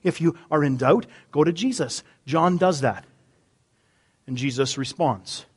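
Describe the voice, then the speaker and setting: A middle-aged man preaching a sermon, humorous, swinging between loud emphasis and quiet asides. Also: a little high, a little slow, breathy edge. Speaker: pastor.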